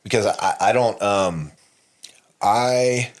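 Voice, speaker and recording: This man's voice is fairly low and his pace slow as he co-hosts a podcast. His candid personal story wanders, full of fillers, restarts, and plenty of swearing.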